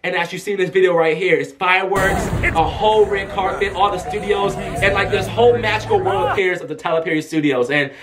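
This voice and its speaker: A man telling an excited storytime vlog, animated, breaking into shouts as he talks. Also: sits high, a little fast, hardly any pauses, over loud music. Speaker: vlogger.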